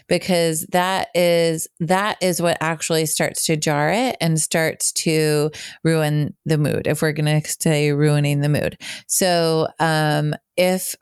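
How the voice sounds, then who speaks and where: A woman's voice: low-pitched, smooth, dry recording, studio quality. A woman co-hosting a podcast, explaining in an earnest, casual way with frequent fillers. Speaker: podcast co-host. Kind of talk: casual educational chat.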